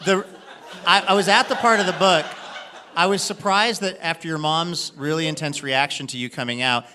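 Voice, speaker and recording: A man's voice: on the high side, sharp tone. A man hosting a live radio interview, chatting with his guest and slipping in jokes. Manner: joking, chatty. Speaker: radio show host.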